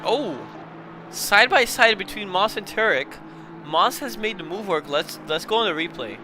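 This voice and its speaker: A young man calls a sim race live in a high, sharp, animated voice at normal speed, fighting a bout of hiccups. Flustered, he apologises and laughs at himself between calls. A little hiss or hum is audible.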